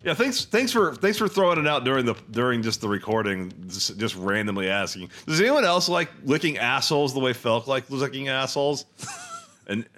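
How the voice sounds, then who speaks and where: A man co-hosting a comedy podcast in a bright, ringing voice. His pitch swings widely as he hams up mock-formal announcements and crude jokes. Faint music sits behind him. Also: animated, brisk. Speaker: podcast co-host.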